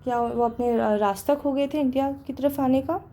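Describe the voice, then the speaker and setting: A woman with an Indian accent teaches an English chapter, rattling through it at a brisk clip. Her voice is dark and mellow, set a little high. She keeps slipping into Hindi and tossing questions back at her class. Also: fairly even intonation, slight background noise. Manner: mixes English with quick Hindi explanations, asks the class questions. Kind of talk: classroom lesson explaining a story.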